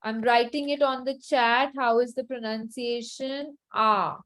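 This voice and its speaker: A woman's voice: fairly high pitch, fairly even intonation, measured pace, low-quality recording. A woman teaching a French class online over a video call, patiently repeating each word for her students to drill.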